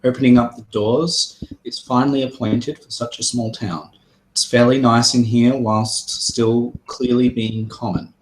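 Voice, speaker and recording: A man's voice: mid-range voice, steady tone, measured pace, a little hiss or hum, rough recording. A man running a tabletop game as game master, describing scenes loosely with many fillers.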